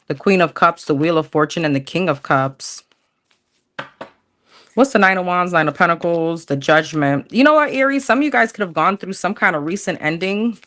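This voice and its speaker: A woman's voice: sits low, a bit bright. A woman casually chatting through a livestream tarot reading, slangy, thinking aloud as she pulls cards. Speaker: tarot reader.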